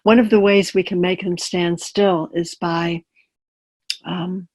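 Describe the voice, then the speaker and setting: A woman chaplain teaching in an easy, conversational tone over a webinar. She draws on personal examples and keeps checking in with quick questions to her audience. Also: fairly low pitch, fairly even intonation, darkish tone. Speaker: palliative care chaplain. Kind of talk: webinar talk.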